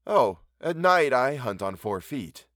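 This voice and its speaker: A man voicing a feral teenage boy of the woods, slow and relishing, with a patronizing drawl. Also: mid-range voice, sing-song, fairly bright tone, no room sound, clean studio sound. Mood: relishing, sly.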